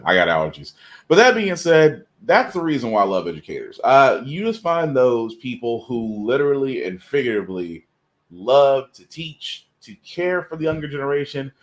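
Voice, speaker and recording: Earnest male podcast host. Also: mid-range voice. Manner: earnest, emphatic, repeats himself. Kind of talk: casual live podcast commentary.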